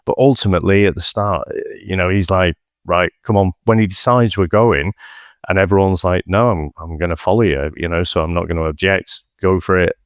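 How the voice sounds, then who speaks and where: Deep-voiced rambling male podcast co-host. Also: brisk, no echo, clean studio sound. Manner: rambling, many "you know" fillers and restarts. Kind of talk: casual film-podcast chat.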